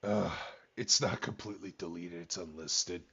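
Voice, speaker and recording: A man's voice: low voice, steady tone, moderate pace, sharp tone, husky. A man co-hosting a podcast, chatting casually and rambling with loose profanity. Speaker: podcast co-host. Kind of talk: casual chat. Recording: dull lo-fi sound.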